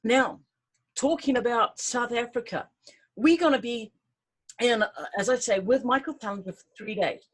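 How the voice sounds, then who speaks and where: A middle-aged woman hosts a casual promo to camera about an upcoming tour, chatting with enthusiasm and lots of fillers and restarts. Her voice sits a little high, and she keeps a moderate pace.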